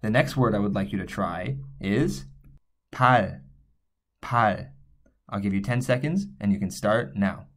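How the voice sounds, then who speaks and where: A man's voice: fairly low pitch, animated, moderate pace, few pauses. A man teaching Korean letters, patiently explaining each step as he writes them out. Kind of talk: whiteboard writing lesson.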